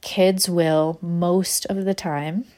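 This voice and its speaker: A woman's voice: fairly low pitch, steady tone, extremely slow, darkish tone. Candid woman telling a parenting story. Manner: candid, self-deprecating, laughs often. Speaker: podcast host. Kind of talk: personal storytelling.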